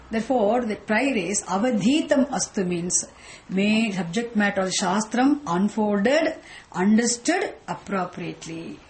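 Woman, scripture teacher, fairly high voice, measured questioning delivery. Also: darkish tone, poor audio. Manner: slow, explanatory, with repeated rhetorical questions. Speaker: Vedanta teacher. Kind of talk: scripture class lecture.

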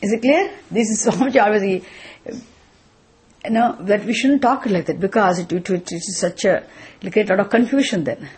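A woman's voice: medium pitch, normal speed, darkish tone, breathy edge. A woman teaching a scripture class, asking questions and answering them herself, repeating the key phrases. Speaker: Vedanta teacher.

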